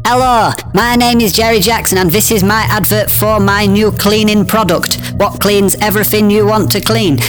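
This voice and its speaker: A man's voice: sits high, fairly even intonation, moderate pace, few pauses, close to an everyday voice. A man voicing a crude, boastful salesman in a spoof radio advert, rambling and rude, with music behind. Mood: crude pitching.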